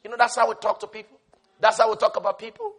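A man preaching a sermon with passion, swinging from shouted lines to hushed asides. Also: high-pitched, big pitch swings, fast talker.

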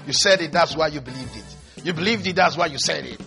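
A man preaching with a high, bright voice that rings out. He delivers an animated sermon, dropping to hushed tones and then rising to shouts, over faint music. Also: brisk, creaky. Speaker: pastor. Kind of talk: energetic televised sermon.

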